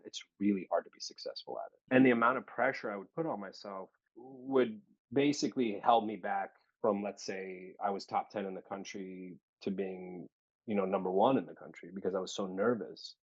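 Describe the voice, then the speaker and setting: Low-voiced man telling stories animatedly. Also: highs cut off. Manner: animated storyteller, acts out quoted voices, laughs often. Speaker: actor, interview guest. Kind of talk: casual storytelling interview.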